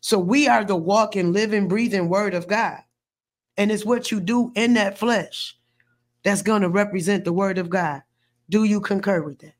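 A woman with a medium-pitched voice hosts a faith podcast at a moderate pace. She talks emphatically and preachily, repeating words as she builds a point in this faith discussion.

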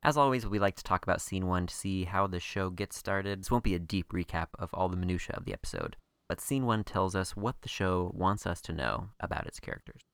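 A man in his thirties with a very low voice co-hosts a podcast in easy, casual chat. He keeps tossing in playful jokes. The recording is close and dry. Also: lively intonation, a little fast, vocal fry, a bit bright, smooth, no echo. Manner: playful and joking. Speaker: podcast co-host.

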